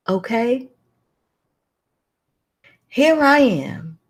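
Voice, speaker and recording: A woman's voice: fairly high pitch, a little mellow. A woman hosting a talk, telling a personal story with emotion and preacher-like emphasis. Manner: emotional, preacherly storytelling addressing listeners as y'all. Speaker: host.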